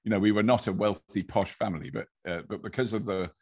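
Older man, English accent, husky, low-pitched, rambling chat. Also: fast, a little mellow. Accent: English, fairly posh (received pronunciation trained). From England. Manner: rambling, storytelling, with laughs. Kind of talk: casual conversation.

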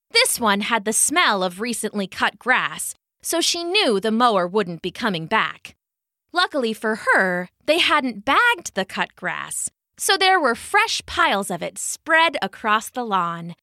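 A woman reads a children's story aloud in a high, bright voice that rises and falls expressively. She takes her time over each sentence, and the sound is dry and close. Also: no echo. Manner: expressive, unhurried reading.

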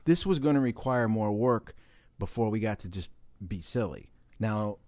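A man's voice: on the low side, animated, moderate pace, mellow, dry recording. A man hosting a podcast in casual chat, explaining himself at length and telling stories. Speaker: podcast host. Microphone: studio microphone.

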